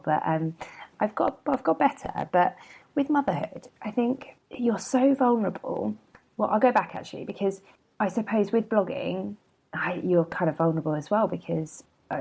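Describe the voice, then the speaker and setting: A woman in her thirties talks through a relaxed solo podcast in a low, mellow voice with a gravelly edge. She is candid and chatty, laughs easily and drifts into asides. She sounds a bit hungover. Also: poor audio. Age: 30s. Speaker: podcast host and blogger. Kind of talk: casual solo podcast monologue.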